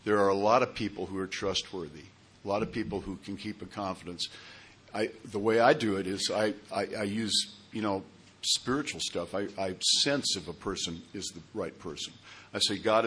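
A man telling his own recovery story to a group, in a halting way with repeated words and many fillers. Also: lowish voice, a bit bright, husky. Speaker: speaker sharing at a recovery meeting.

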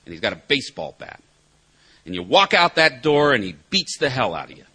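Animated, bright-voiced wry man. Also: mid-range voice, brisk, breathy edge. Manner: wry, self-mocking storyteller with punchlines. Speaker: recovery meeting speaker and sponsor. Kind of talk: personal recovery talk to a group.

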